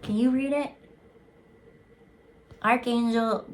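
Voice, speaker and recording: A woman at a mid pitch chats her way through an intuitive card reading, rambling from thought to thought. She drops in casual swear words. Her talk is loose and unscripted, with a faint hiss of noise behind her. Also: steady tone, a little slow.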